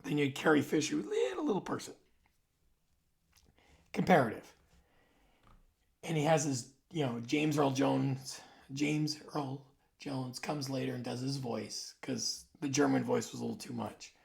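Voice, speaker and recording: A man in his forties hosts a casual, rambling monologue. His voice is heavily gravelly, with a mid-range pitch. He now and then drops into soft asides. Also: fairly even intonation, normal speed. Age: 40s. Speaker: video host.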